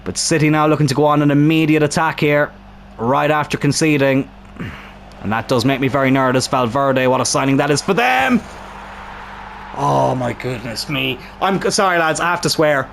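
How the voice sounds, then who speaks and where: A young man commentating his own football video game match, excitable and swearing at the screen, with a strained throat. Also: on the high side, moderate pace, gravelly, a little hiss or hum.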